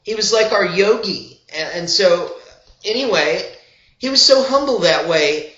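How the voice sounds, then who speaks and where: A man's voice: sits high, expressive, measured pace, bright, forceful tone. An older man and old-time fiddler telling a humorous, rambling story at home, wandering off into digressions and asides along the way. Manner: meandering, full of digressions and asides. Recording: roomy, slightly dull home recording.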